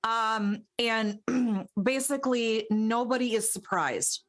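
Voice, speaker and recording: A woman performing improvised comedy, blunt and deadpan in her questions. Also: a little high, slow pace. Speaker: improv player.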